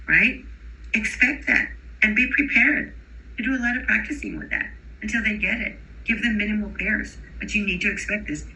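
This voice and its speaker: A woman giving a recorded lecture to teachers. She explains clearly, models sounds aloud, and checks in with rhetorical questions. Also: mid-range voice, moderate pace, sharp tone, low-quality recording. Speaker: instructor for teachers of bilingual children.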